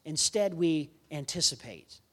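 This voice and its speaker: A young man giving a sermon as a guest preacher, telling a story with animated shifts into quoted voices. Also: a little high, measured pace.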